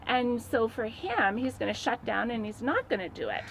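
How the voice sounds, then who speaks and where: High-voiced woman explaining calmly. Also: gravelly, a little hiss or hum, rough recording. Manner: explanatory, measured. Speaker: school educator. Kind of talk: documentary interview.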